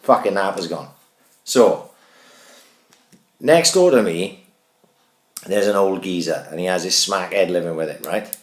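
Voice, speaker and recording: A man, co-hosting a casual podcast and telling a long, sweary, animated anecdote. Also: deep voice, measured pace, pauses often, echoey room. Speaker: podcast co-host. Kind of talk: casual chat, storytelling.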